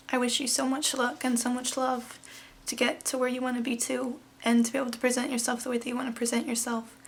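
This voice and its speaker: A woman's voice: a little high, vocal fry, breathy edge. A woman in her twenties, talking candidly and emotionally to camera as she retells a personal story. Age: 20s. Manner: candid, emotional, quoting others in retold dialogue. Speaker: vlogger.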